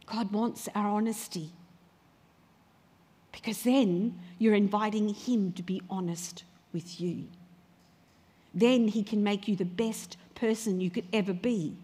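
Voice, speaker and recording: A woman preaching a sermon, talking conversationally and then crying out loudly when she quotes prayers. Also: mid-range voice, slightly rough. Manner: conversational preaching, rising to loud cries when quoting prayers. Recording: long hall reverb.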